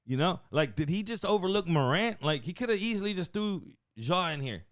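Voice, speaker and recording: A young man chatting casually on a sports podcast. His voice sits high, and he talks in an animated, mocking way. He laughs often as he riffs. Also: brisk. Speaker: podcast co-host.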